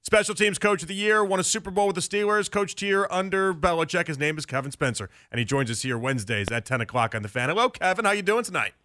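A man from Chicago hosts a sports talk radio show. His voice is bright and a little high. He keeps things chatty and conversational while he sets up questions for his guest. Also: lively intonation, quick pace, few pauses. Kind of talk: radio interview host.

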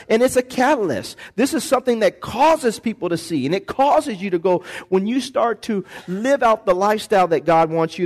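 A man pastor preaching a lively sermon in a church, acting out voices and calling for responses from the congregation. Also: high voice. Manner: animated preaching, acts out voices, call-and-response.

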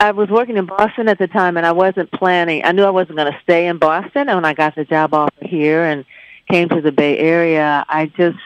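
A woman in her fifties, a veteran news anchor, answers questions with a smooth, resonant voice and a measured, reflective manner. Her line sounds dull and lo-fi, like a remote feed. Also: fairly low pitch. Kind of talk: interview answers.

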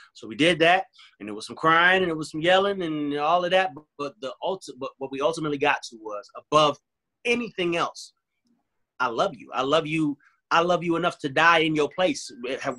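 A man's voice: on the high side, pushed and bright. A man talking earnestly and emphatically in a casual chat, repeating his points. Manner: earnest, emphatic, repeats phrases, acts out both sides of arguments.

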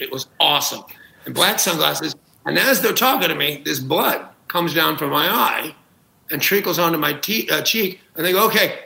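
A man's voice: fairly high pitch, gravelly, sharp tone, reverberant, poor audio. A man, a talk show guest, telling comic anecdotes with gusto, acting out quotes and laughing at his own jokes. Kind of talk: animated comic storytelling.

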